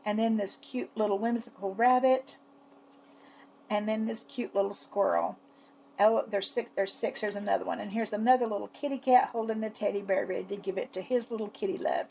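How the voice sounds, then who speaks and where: A woman chatting casually as she shows off her savings challenges, fond and unhurried, with lots of little fillers. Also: mid-range voice, fairly even intonation, creaky, warm tone, slight background noise, poor audio. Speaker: savings challenge seller and vlogger. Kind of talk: casual product show-and-tell.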